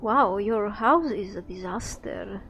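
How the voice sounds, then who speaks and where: A woman's voice: mid-range voice, slow pace, vocal fry, fairly bright tone, muffled recording, slight background noise. Chatty woman doing game commentary. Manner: chatty, self-deprecating. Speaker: let's play commentator.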